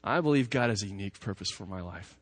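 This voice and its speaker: A man's voice: on the low side, animated, fast, husky, no echo. A man voicing his grown child, earnestly telling his father about his calling, in a raised, pleading voice.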